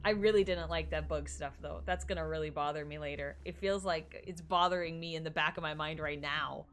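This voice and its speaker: A woman's voice: low-pitched, steady tone, brisk, a bit bright, a little hiss or hum. A young woman streaming a horror game, chatting casually and thinking aloud, easily spooked. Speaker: gaming streamer. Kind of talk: casual live-stream commentary.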